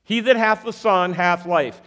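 High-voiced animated male preacher. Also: unhurried. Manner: animated, questioning the audience, repeating verses for emphasis. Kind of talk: sermon with a magic trick object lesson.

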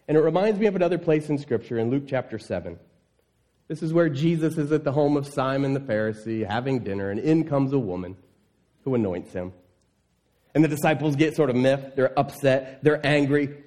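A man preaching a sermon, reading scripture and acting out indignant voices. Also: brisk. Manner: animated, voices indignant listeners with rising pitch. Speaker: pastor.

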